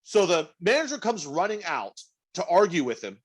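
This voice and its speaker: In a high-pitched voice at a moderate pace, this man co-hosts a casual podcast chat. He spins a profane, lively story, acting out quotes as he goes.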